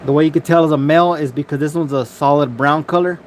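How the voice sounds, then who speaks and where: Man, casual live-stream host, somewhat higher voice, loose cursing chatter over phone mic with faint background noise. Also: fairly even intonation, fast talker. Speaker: livestream host.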